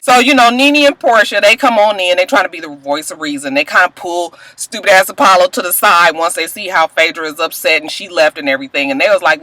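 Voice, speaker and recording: A young woman rants through a reality TV recap, salty and animated. Her voice is bright and forceful, recorded close in a dry room. She slips into mock voices to quote the cast. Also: fairly low pitch, brisk, hardly any pauses, no echo. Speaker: TV recap vlogger. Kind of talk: casual profane reality TV recap.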